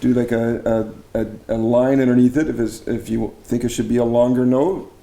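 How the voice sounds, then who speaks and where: A middle-aged man from Canada, known as a barbershop arranger and judging chair, casually interviews another singer with enthusiasm and admiration, chatting and restarting as he goes. His mellow voice is medium-pitched and steady at a moderate pace, recorded in a roomy space.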